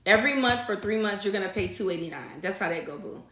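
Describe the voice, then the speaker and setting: A woman's voice: medium pitch, animated, fast talker, a bit bright, reverberant. A woman, a registered nurse, hosting a casual livestream and chatting with her viewers. She repeats her points and reads out and answers comments from the chat. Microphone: phone or webcam livestream setup.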